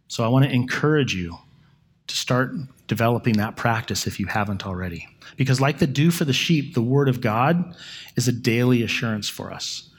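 A man preaching a sermon in a conversational, storytelling way, correcting himself and pausing for effect. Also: medium pitch, slightly rough. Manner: conversational, with self-corrections and dramatic pauses.

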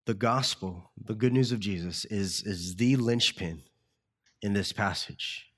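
A man preaching a sermon as pastor, earnest and slowing down to stress key words. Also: lowish voice. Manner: earnest, slows down for emphasis.

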